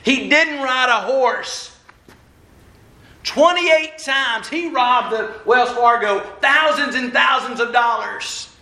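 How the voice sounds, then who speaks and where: A man's voice: very high-pitched, slow pace, vocal fry, bright, forceful tone. A man giving a folksy, self-deprecating sermon as a minister, walking around as he talks. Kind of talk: conversational sermon. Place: church hall. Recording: echoey church hall.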